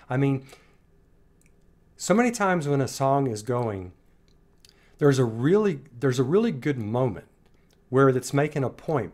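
A man talking through a song reaction in an earnest, gushing way. His voice sits at an ordinary middle pitch, and he comes back to the same phrases again and again to stress them. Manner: earnest, effusive, repeats phrases for emphasis. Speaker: music reaction host. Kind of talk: casual reaction commentary.

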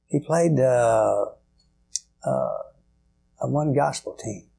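An older man, a guitarist appearing as an interview guest, spins rambling, folksy stories packed with fillers. His medium-pitched voice is mellow with some vocal fry, and he speaks slowly.

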